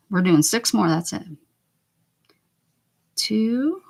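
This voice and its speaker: A woman's voice: fairly low pitch, very animated, slow, vocal fry, a little mellow. A woman with a northern US accent hosting a craft livestream, chatting casually while she paints, muttering and whispering asides to herself and answering viewer chat.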